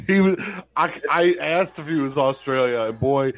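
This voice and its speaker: A man co-hosting a movie podcast, crude and excitable in casual chat, swearing freely. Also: on the high side, measured pace. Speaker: podcast co-host.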